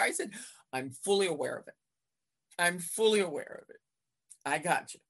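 A woman in her fifties, a veteran basketball referee, chatting in an interview and acting out her exchanges with coaches in lively retellings. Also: lowish voice, normal speed. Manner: animated storyteller acting out court exchanges. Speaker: basketball referee, podcast guest. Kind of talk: casual interview chat.

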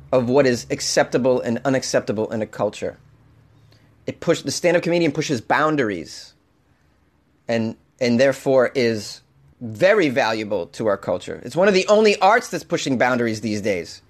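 Guy doing a comedy podcast alone, tired but jittery on caffeine, loud one sec and mumbly the next. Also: mid-range voice. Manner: animated, jumps between loud jokes and mutters. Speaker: podcast host. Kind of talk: solo comedy podcast monologue.

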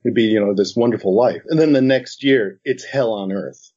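A middle-aged man recounts a rushed animation job in an interview, slipping into the other people's voices as he goes. His voice is dark and husky. The recording is dull and lo-fi. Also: on the low side. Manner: animated storytelling, acts out both sides of the conversation. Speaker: animation director. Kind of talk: interview anecdote.

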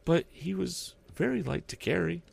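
A man voicing a grieving, gentle Victorian mother in a raised, soft voice while reading a storybook. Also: a little high, lively intonation, moderate pace, gravelly, breathy edge, pitched above the performer's own voice, heavily acted. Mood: tender.

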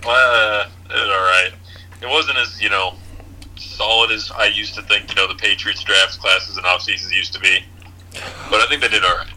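A man with a very bright, sharp-edged, fairly low voice chats about sports in a laid-back, hesitant way. Faint noise hums behind him. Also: fairly even intonation, normal speed, poor audio. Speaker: podcast guest. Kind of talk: casual sports chat.

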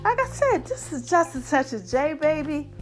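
Chatty high-voiced woman host. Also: moderate pace, faint music behind. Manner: chatty and animated, laughs often, calls listeners y'all and baby. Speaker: podcast host. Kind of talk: casual monologue to listeners.

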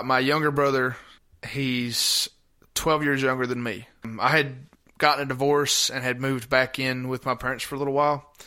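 A man's voice: medium pitch, pushed and bright. A man in an interview, reflecting openly on anxiety and family in a tender, conversational way. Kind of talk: candid personal recollection.

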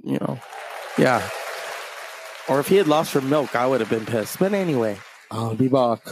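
A man's voice: mid-range voice, expressive, normal speed, over a noisy crowd, heavy background noise. A man hosting his own solo podcast, talking casually with profane, rambling, sarcastic asides. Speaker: podcast host. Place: home in the countryside.

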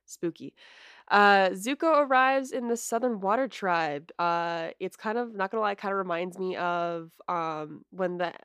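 A woman's voice: medium pitch, a little slow, few pauses, a bit bright, clean tone, dry recording, studio quality. A woman co-hosting a podcast in casual chat, full of "like" and "you know". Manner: chatty, lots of "like" and "you know". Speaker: podcast co-host.

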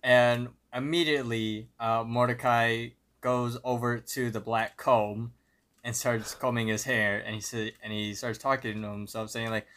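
A man's voice: medium pitch, flat delivery, measured pace, fairly bright tone. A young man co-hosting a podcast, easygoing, often trailing off and correcting himself. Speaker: podcast co-host. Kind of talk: casual chat.

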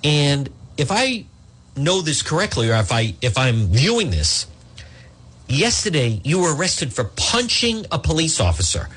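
A man's voice: on the high side, big pitch swings, measured pace, fairly bright tone, breathy edge. A man hosting a talk radio show, ranting indignantly at his listeners. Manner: indignant, ranting, reads live ads.

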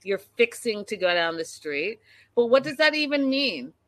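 A woman's voice: on the high side, big pitch swings, normal speed, no echo. A woman from Canada hosting a casual chat, teasing and questioning her guest precisely.

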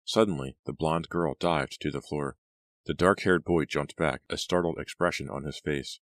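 A man narrating an audiobook in a steady, even reading. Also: extremely low pitch, moderate pace, dry recording. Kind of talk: scripted narration.

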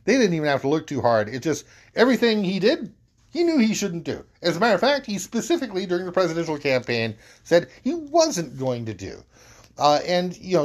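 A man hosting a podcast, reading a legal document aloud and breaking off for wry, sarcastic asides. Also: mid-range voice. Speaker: podcast host.

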